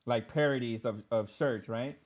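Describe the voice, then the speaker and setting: A man's voice: medium pitch, normal speed. Chatty man hosting a casual interview. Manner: friendly, chatty, frequent "yeah, yeah" and "right?". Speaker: host.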